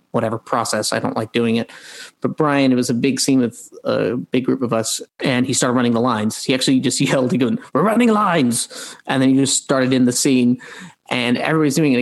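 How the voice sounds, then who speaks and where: A man, an actor, answering interview questions casually, halting with many fillers and restarts. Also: mid-range voice, gravelly, poor audio.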